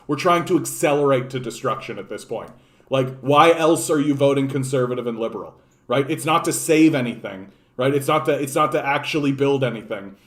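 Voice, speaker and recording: A man from Canada giving an angry, profane political rant, exasperated and sneering. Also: mid-range voice. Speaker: political commentator.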